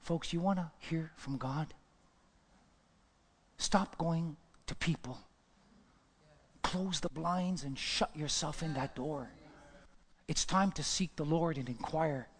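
A man preaching a sermon and telling a story, swinging between loud exclamations and hushed whispers. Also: on the high side, takes it slowly, long pauses, breathy edge. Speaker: pastor. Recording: long hall reverb.

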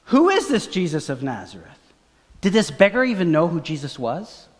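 A man preaching a sermon as pastor, acting out the story and swinging from hushed lines to loud, excited ones. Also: fairly high pitch, moderate pace, in a large hall. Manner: dramatic, swings from hushed to shouting. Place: church.

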